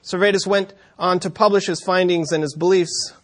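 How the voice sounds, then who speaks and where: A man delivers a sermon as a long story, his voice sitting a touch higher than most men's. He drops wry asides and small chuckles as he narrates. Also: steady tone, normal speed. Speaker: preacher.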